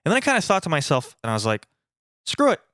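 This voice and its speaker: A man co-hosting a podcast speaks with a lively, wide-ranging voice and pushes his opinions with emphasis. The sound is dry and close. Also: on the high side, racing, clean tone, no room sound. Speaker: podcast co-host. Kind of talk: casual podcast chat.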